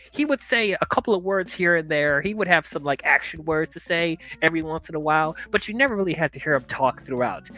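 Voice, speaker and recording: A man with a bright, forward voice reviews a movie in a loose, chatty way, full of fillers and asides. Soft music runs faintly underneath him. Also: mid-range voice. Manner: chatty and animated, with frequent fillers.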